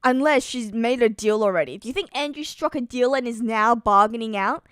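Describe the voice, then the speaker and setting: A woman hosting an anime reaction video, giving excitable, giggly commentary. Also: fairly high pitch, a little fast, clear, resonant tone, no room sound, clean studio sound.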